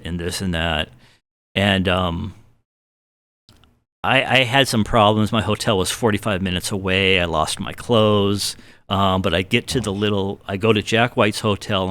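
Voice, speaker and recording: Middle-aged man, fairly low voice, casual rambling self-deprecating storytelling, dry close sound. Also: clean tone, dry recording. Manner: animated anecdotes with acted-out quotes. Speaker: guitar builder guest.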